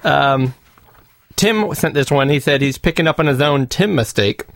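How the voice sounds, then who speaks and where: Upbeat man with a gravelly voice. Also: fairly high pitch, normal speed, fairly bright tone, no echo. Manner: jokey, upbeat, reads listener feedback. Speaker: podcast co-host. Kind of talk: casual chat.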